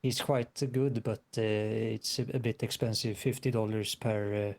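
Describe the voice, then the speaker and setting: A man playing a character in a voice chat role-play, talking hesitantly with lots of pauses. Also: on the low side, fairly even intonation, darkish tone. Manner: hesitant, full of "uh".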